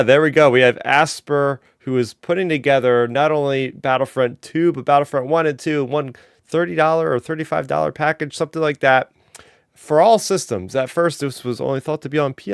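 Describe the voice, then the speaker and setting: Smooth-voiced enthusiastic male podcast host. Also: mid-range voice, no room sound, clean studio sound. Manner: enthusiastic, talks through housekeeping. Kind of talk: casual podcast chat.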